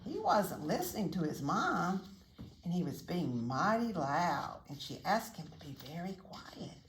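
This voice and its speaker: A woman reading a picture book aloud to children in a slow, expressive storytelling manner with friendly asides. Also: fairly low pitch, roomy sound, a little hiss or hum.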